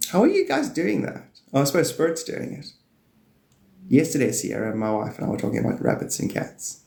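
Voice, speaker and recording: A man hosting a live stream, rambling playfully about spirituality and now and then jumping into high excited bursts. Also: a little fast, gravelly. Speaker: livestream host. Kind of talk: rambling spiritual livestream talk. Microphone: phone or desk mic on a live stream. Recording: echoey room.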